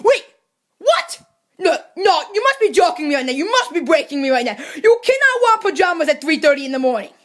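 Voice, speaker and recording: A woman's voice: very high-pitched, very animated, a little fast. A woman voicing a cranky, overworked mushroom servant who rants sarcastically, in a comedy puppet skit. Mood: exasperated. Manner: exasperated ranting, sarcastic.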